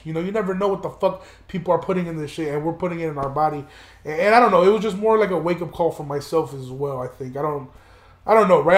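A man's voice: on the high side, reverberant. A young man hosting a podcast, talking casually and somberly, rambling with many restarts and plenty of swearing. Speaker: podcast host.

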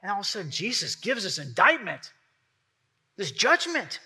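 A man's voice: sits high, huge pitch swings, normal speed, bright, forceful tone, breathy edge. A man preaching a sermon as pastor, talking conversationally and acting out the voices he quotes.

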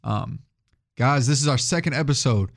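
A man's voice: medium pitch, moderate pace. A man co-hosting a casual podcast, easygoing and joking in everyday slang. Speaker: podcast co-host.

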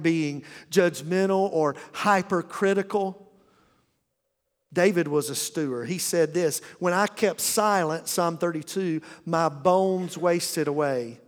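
A middle-aged male pastor preaching a folksy, humorous sermon in a church, often restarting his sentences. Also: on the high side. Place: church auditorium. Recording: long reverb of a church hall.

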